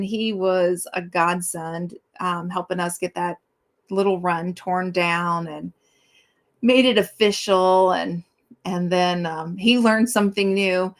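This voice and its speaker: A woman's voice: lowish voice, steady tone, takes it slowly. Chatty middle-aged woman hosting a live stream. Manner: rambling and chatty, many fillers, greeting viewers by name. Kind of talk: casual live-stream chat.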